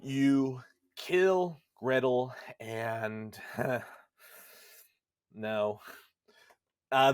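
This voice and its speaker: A man chatting on a gaming podcast, telling the story with a lot of swing in his pitch and now and then slipping into goofy voices for the characters. The sound is close and dry, with no room in it. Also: a bit bright, dry recording. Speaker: podcast host. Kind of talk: casual gaming podcast chat.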